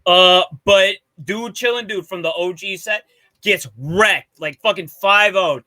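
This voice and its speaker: A man's voice: high-pitched, a little slow, pushed and bright. A man co-hosting a podcast, telling a story in loose, profane, enthusiastic casual chat. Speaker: podcast co-host presenting a segment.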